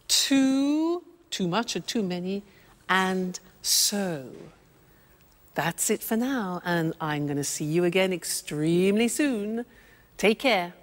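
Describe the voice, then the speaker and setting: A woman teaching English, explaining words slowly and acting out short example dialogues. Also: medium pitch. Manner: deliberate, spelling out words and acting out little dialogues. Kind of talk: slow classroom explanation. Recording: reverberant room.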